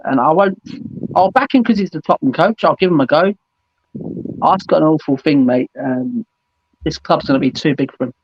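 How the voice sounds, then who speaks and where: A man's voice: fairly high pitch, moderate pace, long pauses. A man hosting a fan call-in show, chatting casually and saying "mate" and "absolutely" a lot. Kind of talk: casual football chat. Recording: dull dry lo-fi sound.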